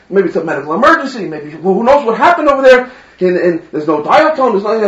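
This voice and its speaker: A man with a high voice delivers an animated religious lecture, telling anecdotes and stumbling over repeated words. He sounds roomy and far from the mic on a dull, lo-fi recording. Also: fast, few pauses. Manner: animated storytelling with stammered restarts. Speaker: Torah teacher.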